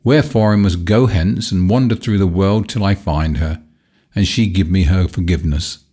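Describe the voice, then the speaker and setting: A man's voice: low voice, normal speed, dark tone. Man reading as a scornful proud boy. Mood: remorseful. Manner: hard, scornful, archaic speech. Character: proud cruel boy, the star child.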